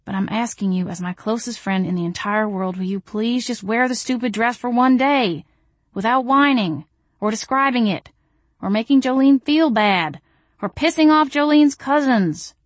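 A woman's voice: on the high side, normal speed, no echo, pitched above the performer's own voice, close to an everyday voice. Woman doing an earnest young groom, pleading, audiobook character, dry close sound. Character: earnest young man, a soft-hearted groom.

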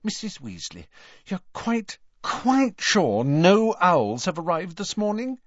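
A man voicing an anxious, bossy teenage schoolgirl who babbles nervously in a shrill voice, in an audiobook. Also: very animated, takes it slowly, dry recording, lo-fi sound, full character voice. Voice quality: shrill, fretful.

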